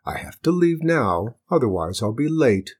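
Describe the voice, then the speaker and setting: A courteous traveling stranger , read by a male storyteller, speaks calmly and persuasively in a husky, everyday male voice. His pitch rises and falls freely. It is storybook reading. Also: moderate pace. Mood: polite.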